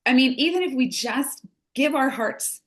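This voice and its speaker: A woman's voice: high voice, lively intonation, moderate pace. A middle-aged woman from the United States, a grief recovery specialist talking through ideas in a casual podcast conversation, earnest and illustrating points with little examples. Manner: earnest, explains with acted-out examples.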